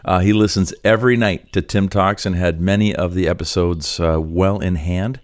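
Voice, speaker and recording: A man's voice: sits low, fairly even intonation, normal speed, no echo, studio quality. A Canadian man co-hosting a podcast, chatting casually and laughing often. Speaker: podcast co-host, pastor. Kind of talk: casual chat.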